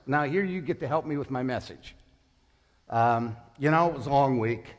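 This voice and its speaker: A man's voice: medium pitch, normal speed, long reverb tail. A man in his sixties preaching a sermon as pastor, conversational, putting questions to the congregation. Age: 60s.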